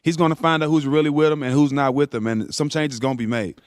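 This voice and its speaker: A man's voice: a little high, fairly even intonation, smooth, no room sound, clean studio sound. A man who used to play basketball, appearing as a guest on sports talk radio and explaining his views earnestly. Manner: earnest, fast-talking. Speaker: guest, former basketball player.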